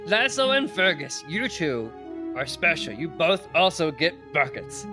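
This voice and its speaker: A man playing his character in a tabletop game, rambling excitedly with many restarts. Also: a little high, measured pace, music in the background. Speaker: player. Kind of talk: tabletop role-play in character.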